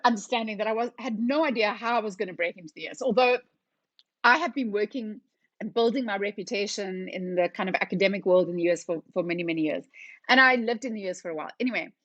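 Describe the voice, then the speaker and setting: A middle-aged woman, telling her story as a guest on a podcast. She is a lively storyteller who acts out the conversations. Her voice sits at an ordinary pitch and sounds dry and close, with almost no room echo. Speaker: company founder, podcast guest. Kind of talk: casual storytelling interview.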